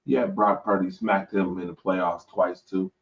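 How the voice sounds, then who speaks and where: A man's voice: low-pitched, fairly even intonation, unhurried, vocal fry, far from the mic, lo-fi sound, noisy background. A man hosting a late-night sports show, joking and laughing in a laid-back way. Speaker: show host. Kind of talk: casual sports talk.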